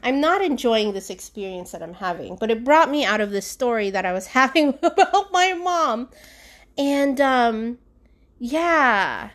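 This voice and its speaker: A young woman talks alone at home into her podcast mic, frank and confessional. She rambles and circles back, dropping fillers, and her voice sits a little high. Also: animated, measured pace. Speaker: podcast host. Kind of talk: candid solo podcast monologue.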